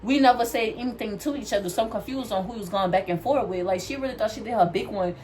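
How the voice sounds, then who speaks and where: A young woman vlogger telling a story in a loud, animated way while doing her hair, speaking straight to her viewers. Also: medium pitch, quick pace. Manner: animated, talks straight to viewers, calls them "y'all"; loud, says she has a loud mouth.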